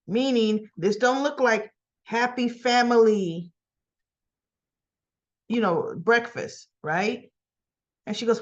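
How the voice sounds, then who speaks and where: A woman's voice: mid-range voice, a little slow, long pauses, dull audio. A woman casually recapping a soap opera episode, acting out the characters' lines as she retells each scene.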